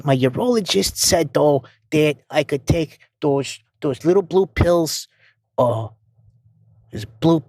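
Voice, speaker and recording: A man's voice: fairly high pitch, a little mellow, no room sound, clean studio sound. A man voicing a nervous, stammering middle-aged male accountant who leaves a rambling voicemail. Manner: stammering, repeating words, flustered. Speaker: voicemail caller.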